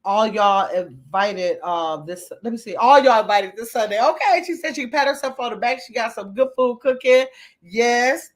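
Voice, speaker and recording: A woman livestreams from her computer at home, chatting casually with viewers and reading their comments aloud. Her voice is fairly high and her pace moderate.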